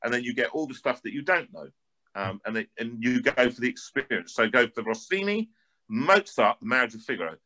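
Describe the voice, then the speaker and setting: A man with a North London accent, an opera singer telling stories in an interview with lively, animated delivery and frequent word repeats. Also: mid-range voice, a little fast. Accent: North London English. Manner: lively, repeats words while building a point.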